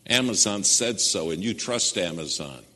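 A man preaching a sermon and telling stories, swinging between loud emphasis and hushed near-whispers. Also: low voice, lively intonation, normal speed. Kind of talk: sermon with storytelling. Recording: long hall reverb.

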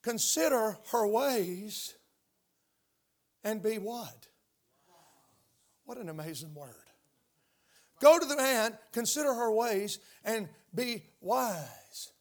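A man's voice: high-pitched, animated, slow, long pauses. An older man preaching a sermon in church, emphatic and questioning his congregation as he talks. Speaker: pastor. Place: church sanctuary.

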